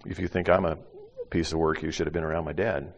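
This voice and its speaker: An older man preaching a sermon as pastor, animated, acting out little voices and swinging from loud to hushed. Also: rumbling low, fast talker, dull audio, slight background noise. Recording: long hall reverb.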